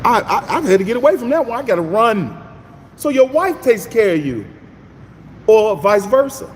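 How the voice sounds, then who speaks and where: A man's voice: high voice, moderate pace, in a large hall, a little hiss or hum. A middle-aged man, hosting a morning Bible reading stream in a casual, folksy preaching style and greeting his viewers by name. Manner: folksy, animated, talks to his chat by name.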